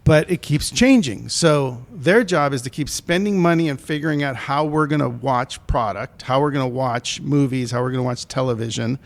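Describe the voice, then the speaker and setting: A man's voice: medium pitch, moderate pace, few pauses. A man co-hosting a podcast, a film producer explaining the business side in a loose, rambling way, often correcting himself mid-sentence. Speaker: podcast co-host. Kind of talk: casual podcast chat.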